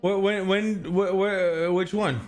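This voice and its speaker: A streamer chatting live with viewers, excitable, swearing and laughing often. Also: mid-range voice, slow, faint music behind.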